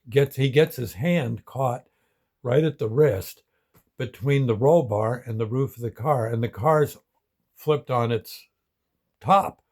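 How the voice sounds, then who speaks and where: A middle-aged man spins a yarn in a folksy, unhurried way. His telling is halting and full of restarts. His voice sits at an ordinary middle pitch. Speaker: show host telling an ambulance call story. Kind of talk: casual storytelling.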